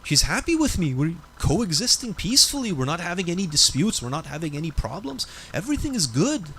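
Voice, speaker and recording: A man's voice: high-pitched, very animated, fairly quick, sharp tone, a little hiss or hum, exaggerated voice. A man preacher voicing a desperate young man who is facing ruin, pleading with urgency. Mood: insistent.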